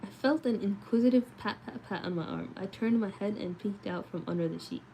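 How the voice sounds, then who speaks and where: A woman's voice: mid-range voice, a little fast, warm tone, slight background noise, low-quality recording. A woman reading a novel aloud at night and chatting casually between passages, sleepy and chatty. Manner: sleepy, chatty, answers chat comments. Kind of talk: late-night read-aloud and casual chat.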